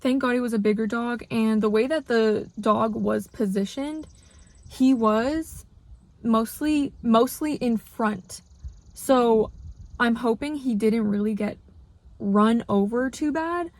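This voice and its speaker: Young woman vlogger from Canada, slightly high voice, upset, rambling casual storytelling. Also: takes it slowly, darkish tone, dry recording. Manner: upset, rambling, heavy use of "like".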